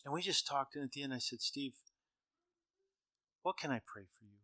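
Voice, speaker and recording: Bright, forceful middle-aged man telling stories. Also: mid-range voice, lively intonation, normal speed, no room sound. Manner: conversational, acts out dialogue, chuckles at own jokes. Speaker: speaker. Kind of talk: humorous storytelling talk.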